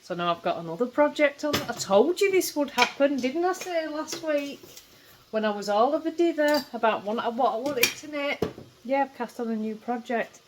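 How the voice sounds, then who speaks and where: A woman's voice: sits high, animated, moderate pace, noisy background. Chatty Yorkshire woman vlogging. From England. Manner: chatty, laughs often. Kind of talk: casual chat.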